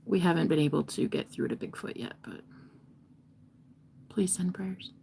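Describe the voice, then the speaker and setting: A woman's voice: lowish voice, moderate pace, vocal fry. Chatty young woman slipping into whispers. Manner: chatty, playful, swinging between loud bursts and soft whispers. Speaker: tarot reader and streamer. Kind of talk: casual live tarot reading chat.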